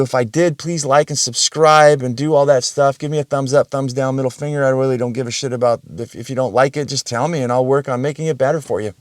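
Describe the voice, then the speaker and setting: A man's voice: mid-range voice, dry recording, studio quality. A man hosting his own podcast, talking casually and bluntly in a rambling solo monologue, swearing freely. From Russian family background. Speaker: podcast host.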